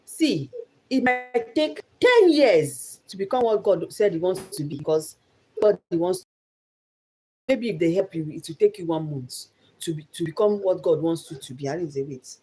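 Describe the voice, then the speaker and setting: A woman's voice: lowish voice, animated, moderate pace, dark tone, husky. A young Nigerian woman giving an earnest motivational talk about her life, repeating phrases for emphasis. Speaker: vlogger.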